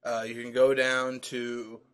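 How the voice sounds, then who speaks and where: A man's voice: medium pitch, monotone, slow pace, fairly bright tone. A man co-hosting a casual podcast, rambling through crude jokes with plenty of ums and uhs. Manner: rambling, crude jokey banter with filler. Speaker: podcast co-host. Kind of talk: casual chat.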